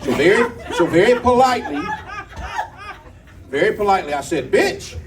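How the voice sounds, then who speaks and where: A man performs stand-up in a comedy club, spinning folksy tales, trading banter with the crowd, and singing some comic bits. His high, animated voice moves at a moderate pace, captured by a distant mic in a very noisy recording full of audience laughter and guitar.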